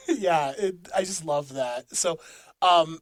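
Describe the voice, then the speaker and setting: A man's voice: a little high, wildly swooping pitch, extremely slow, no echo. A man co-hosting a casual podcast, recapping episodes with frequent laughs and fillers. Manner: laughs often, fillers and restarts while recapping plot. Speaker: podcast co-host.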